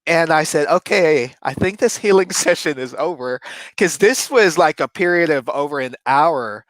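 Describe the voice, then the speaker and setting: Animated man telling a story, fairly high voice. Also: moderate pace, no echo. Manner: animated, laughs often while telling. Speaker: co-host. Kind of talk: casual storytelling chat.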